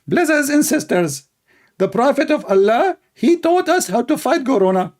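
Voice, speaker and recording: A man's voice: very high-pitched, sing-song, normal speed, a little mellow, voice pushed up. A man mimicking an earnest, overexcited male preacher in a sing-song, effusive way. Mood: gushing.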